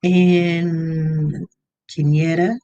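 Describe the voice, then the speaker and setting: A livestream host in casual chat, greeting viewers one by one by name in an easygoing, unhurried way and inviting them to call in. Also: medium pitch, little pitch movement, dark tone, dull audio.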